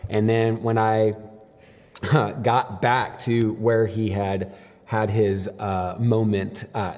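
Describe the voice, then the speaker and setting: A man's voice: fairly low pitch, darkish tone. Casual young man preaching in reverberant hall. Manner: casual, storytelling with fillers. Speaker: pastor. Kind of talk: devotional sermon.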